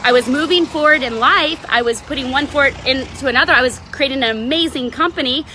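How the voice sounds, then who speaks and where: Bright high-voiced woman coaching. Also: fairly quick, slight background noise. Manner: animated, keeps tagging "right?". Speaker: life coach hosting a live video. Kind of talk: casual motivational talk.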